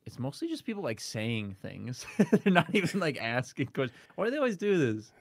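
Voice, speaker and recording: A man guest on a casual tech podcast, chatty and quick to laugh, with plenty of fillers. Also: mid-range voice, wildly swooping pitch, dry recording.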